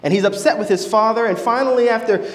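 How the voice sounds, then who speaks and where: A man's voice: high voice, fast. A man preaching a sermon, telling a story and acting out its voices. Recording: echoey church hall.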